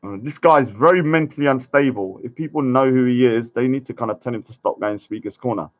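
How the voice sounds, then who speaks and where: A man talks straight to his camera in a loose, rambling way, breaking off to mutter asides. His voice sits at a middling pitch. The recording sounds dull and lo-fi. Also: fast talker. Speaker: vlogger. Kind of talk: casual commentary to camera.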